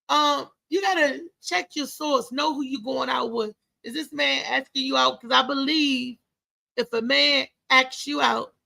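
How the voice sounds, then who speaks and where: A woman's voice: high-pitched, vocal fry, bright, forceful tone. A middle-aged woman, hosting a live show in a chatty, emotional, preachy way. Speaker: host. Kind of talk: casual live show talk.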